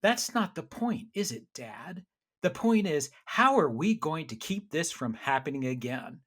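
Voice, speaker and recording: A man's voice: on the high side, very animated, measured pace, fairly bright tone, exaggerated voice. A man quoting his sarcastic teenage son in a mocking tone.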